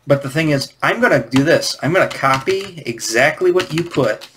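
A man's voice: a little high, animated, normal speed, a bit bright, slight background noise. Rambling man explaining comic scripting. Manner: rambling, hesitant, many restarts. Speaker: comic creator teaching scripting. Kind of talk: casual instructional talk.

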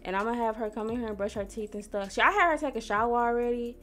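A woman's voice: a little high, a bit bright, soft background music. A young woman from Missouri giving casual, slangy commentary while playing a life-sim game and talking to its characters. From Missouri, USA. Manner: chatty, talks to herself and the characters, slangy, quick to get annoyed. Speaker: gaming YouTuber.

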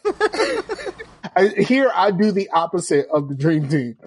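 Husky man in laughing banter. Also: a little high, big pitch swings, unhurried, a little mellow. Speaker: podcast host. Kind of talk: casual chat.

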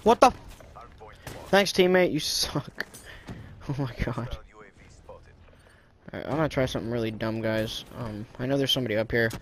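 A man giving live gameplay commentary, frustrated and swearing, with sudden excitable outbursts. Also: mid-range voice, slight background noise. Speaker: gaming video creator.

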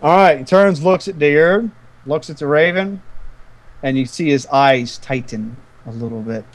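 Guy running a tabletop game, kinda high voice, lively, laughs a lot. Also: measured pace. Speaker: game master.

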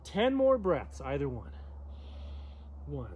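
A man's voice: on the high side, sing-song, takes it slowly, mellow, a little hiss or hum. A man teaches an outdoor yoga flow, calling out poses and breaths in a slightly raised voice. He drops playful jokes between cues. Faint outdoor ambience sits under his voice. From Southern California. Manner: joking asides between pose cues. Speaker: yoga instructor. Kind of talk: guided yoga class.

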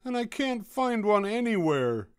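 Older man putting on a storybook bear cub, pitched well up, soft and pleading, dry close sound. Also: lively intonation, slow pace, dry recording. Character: young bear cub, lonely and eager for a hug.

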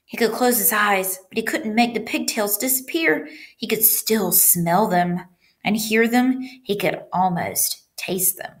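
A woman's voice: mid-range voice, a little slow. A woman teacher reading a children's chapter book aloud and guiding students through the pages. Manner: animated storytelling with stops to guide the class.

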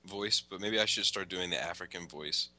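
A man's voice: low voice, pushed and bright, slight background noise. A man hosting a podcast in casual chat, jokey and full of fillers. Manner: jokey, quick to laugh, filler-heavy. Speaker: podcast host.

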